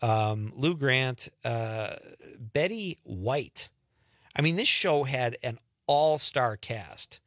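A man's voice: medium pitch, lively intonation, extremely slow, fairly bright tone, dry recording. Male radio host, mid-range voice, dry studio sound, loose and chatty. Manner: chatty, rambling, self-deprecating asides. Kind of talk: casual radio chat. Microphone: studio microphone.

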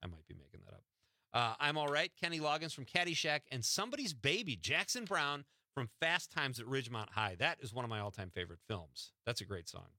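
A man's voice: medium pitch, lively intonation, fairly quick, pushed and bright, no echo. A man hosting a radio show from the studio, chatting casually and teasing his co-host. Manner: joking, teasing.

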